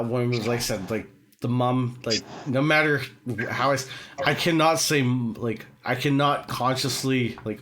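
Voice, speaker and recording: A man's voice: medium pitch, fairly bright tone, a little hiss or hum. A man with a British accent hosting a casual online chat and telling long rambling stories full of fillers and swearing. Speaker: host.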